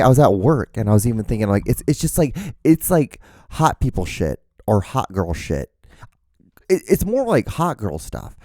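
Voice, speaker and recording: A man's voice: medium pitch, dark tone, no echo. A young man hosting a solo podcast, rambling in a profane, mock-outraged way. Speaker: podcast host.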